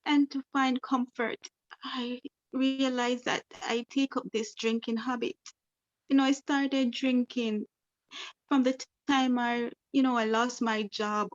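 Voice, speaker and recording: Slow-talking, higher-voiced woman on a video call. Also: steady tone, dull audio. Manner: repetitive, leans on "you know". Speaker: client in a counseling role-play. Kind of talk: counseling role-play session.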